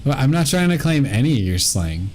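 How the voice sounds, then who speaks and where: A man's voice: mid-range voice, big pitch swings, fairly quick, a little mellow, slight background noise. A man from the United States chatting casually while gaming, hesitant and laid-back, with frequent ums and restarts.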